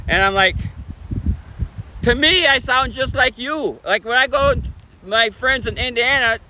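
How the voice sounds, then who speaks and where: Very high, bright-voiced Michigan man. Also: a little hiss or hum, rough recording. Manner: talks fast, chatty, laughs often. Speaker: streamer. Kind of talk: casual outdoor livestream chat. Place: outdoors on a bench by a bridge. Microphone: phone camera on a tripod.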